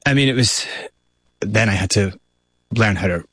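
A Scottish man in his thirties recounts hard memories with candid, animated storytelling. His voice sits low and husky. The sound is dry and close, with little room. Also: normal speed, no room sound. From Scotland, raised in South Africa. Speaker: interview guest. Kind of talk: personal storytelling.

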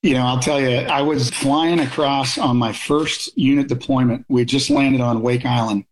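A middle-aged man in a conversational interview, speaking at a moderate pitch. He is blunt and opinionated, and he tells stories from his military service in a plain, direct way. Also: fairly even intonation, normal speed, slight background noise, low-quality recording. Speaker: guest, military officer.

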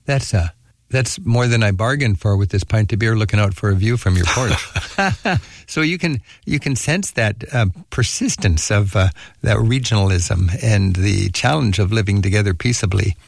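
A man's voice: on the low side, moderate pace, creaky, dry recording, studio quality. A man hosting a radio travel show and interviewing a guest, musing with enthusiasm.

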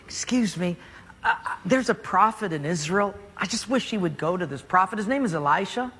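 A man voicing a gentle young slave girl who speaks politely and wistfully, in a hall with long reverb. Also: high voice, animated, fairly quick, breathy edge, exaggerated voice.

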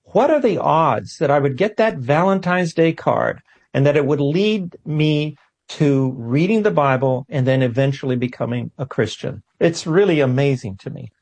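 Husky animated male interview guest. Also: on the high side. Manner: animated, self-deprecating, quick asides. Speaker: guest, physicist. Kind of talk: storytelling interview answer.

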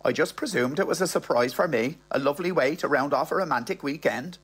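A man's voice: a little high, quick pace, a bit bright, husky, soft background music, pitched above the performer's own voice. A man with an Irish accent voicing a brazen middle-aged woman who talks in a breezy, matter-of-fact way. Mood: airy.

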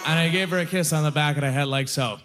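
A man performing a stand-up comedy set, telling stories with animated, self-deprecating punchlines. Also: on the high side, fast, over music. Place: comedy venue with live audience.

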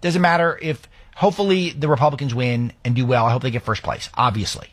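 Middle-aged man, opinionated political talk host, husky voice, dry sound. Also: medium pitch, fairly even intonation, quick pace, no echo. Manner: opinionated, conversational, with restarts. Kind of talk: casual political commentary.

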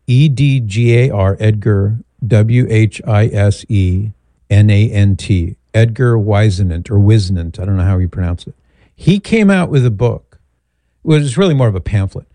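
Male call-in host, middle-aged, low warm voice, rambling but measured. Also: no room sound. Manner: measured, thoughtful, rambling asides. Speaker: radio show host. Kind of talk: call-in advice talk.

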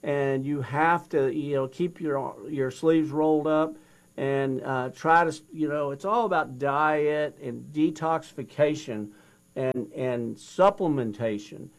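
A man's voice: a little high, slow. An older man, a guest in an interview, retelling his past with feeling and acting out both sides of a conversation. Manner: animated retelling, acts out both sides of a dialogue. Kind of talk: storytelling interview.

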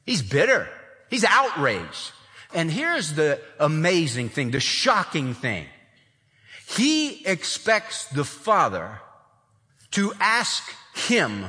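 Male pastor, expository sermon, higher bright voice, animated delivery with acted-out quotes, long hall reverb. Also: takes it slowly.

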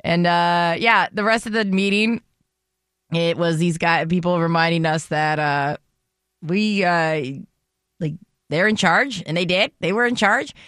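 A woman's voice: on the low side, a little slow, dry recording, studio quality. A woman co-hosting a radio show, telling a story in casual chat and acting out the other voices in it. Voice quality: animated, acts out voices in her stories. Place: radio studio.

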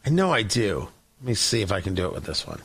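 A man's voice: lowish voice, very animated, fast, fairly bright tone, breathy edge. A male talk show host giving sarcastic, rambling political commentary. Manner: sarcastic, mocking, rambling with restarts.

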